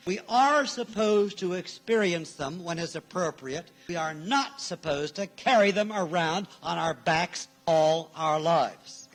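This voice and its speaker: A male minister delivering a sermon in a church, emphatic, repeating his key phrases and acting out the people he quotes. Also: high voice.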